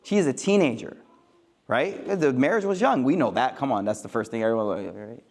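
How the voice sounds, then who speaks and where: A man talks to a live audience in a loose, joking manner, leaning on casual slang. His voice sits at a middle pitch, and he moves easily between teaching and banter. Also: brisk. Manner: lively and joking, with street slang. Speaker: Islamic speaker.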